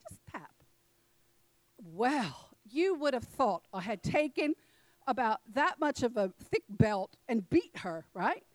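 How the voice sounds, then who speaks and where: Middle-aged woman, church speaker, animated storyteller who laughs along, higher voice, dry recording. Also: slow, no echo, low-quality recording. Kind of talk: personal story in a sermon.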